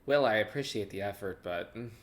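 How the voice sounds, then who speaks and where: A man's voice: fairly low pitch, a little fast, background noise. A young man hosting a reaction video, talking casually and animatedly, swearing and thinking aloud as he reacts.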